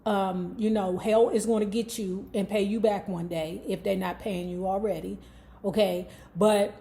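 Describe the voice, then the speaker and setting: A woman's voice: medium pitch, steady tone, normal speed, vocal fry, mellow, slight background noise. Sassy, profane woman dishing book gossip. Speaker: book review vlogger. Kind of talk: casual commentary on a book.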